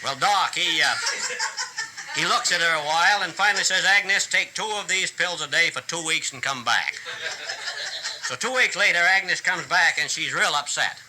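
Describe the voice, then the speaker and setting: A man's voice: a little high, normal speed. A man telling folksy jokes to a live audience with a chuckling drawl. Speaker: storyteller. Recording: loud noisy hiss.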